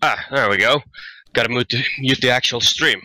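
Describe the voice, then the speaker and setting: A man's voice: medium pitch, moderate pace, sharp tone, dry recording. A man from Finland, a guest giving short, modest replies in casual chat. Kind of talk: casual live-stream chat.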